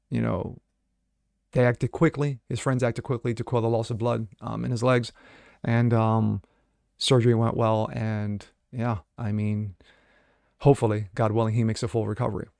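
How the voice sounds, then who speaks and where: Blunt, gravelly male news commentator. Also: on the low side, flat delivery, measured pace, darkish tone, no room sound. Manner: blunt, sarcastic, many fillers. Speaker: host. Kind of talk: solo commentary reading news and opining.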